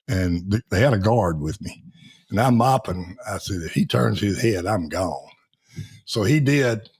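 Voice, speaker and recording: A man's voice: on the low side, lively intonation, a little slow, a little mellow, slightly rough. A man, a Navy veteran guest telling folksy stories in a podcast interview and laughing as he acts out the people in them. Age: 70s.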